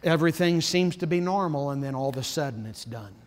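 A man's voice: animated, fairly quick. Earnest preaching man, echoing hall. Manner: earnest preaching, dropping to low solemn emphasis. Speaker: pastor. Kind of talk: sermon.

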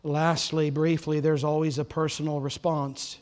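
A man preaching a sermon as pastor, passionate, his voice swelling loud and then dropping soft. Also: a little high, flat delivery, unhurried. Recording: long hall reverb.

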